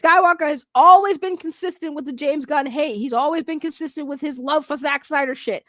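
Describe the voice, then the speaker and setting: A woman doing casual YouTube commentary, animated and profane, laughing in disbelief. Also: high-pitched, brisk, dry recording, studio quality.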